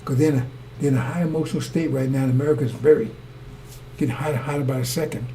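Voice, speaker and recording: Speaking quickly in a warm, mid-range voice with a steady tone, this preacher delivers a repetitive sermon with slight background noise behind him. He addresses the congregation as brothers and sisters and asks whether they're following as he circles back over his points.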